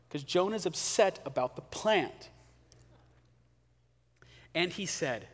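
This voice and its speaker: A man preaching a sermon in a casual, animated way, acting out quotes, in a church hall. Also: high voice, normal speed, long pauses. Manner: conversational, animated, acts out quotes. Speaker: pastor. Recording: long hall reverb.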